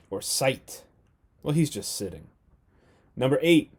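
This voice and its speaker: A man in the middle of the male pitch range, teaching young children a remote reading lesson. He talks slowly and clearly and sounds out letters one at a time. He poses playful either-or questions to keep small kids following along. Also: a little mellow. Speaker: first grade teacher. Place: at home.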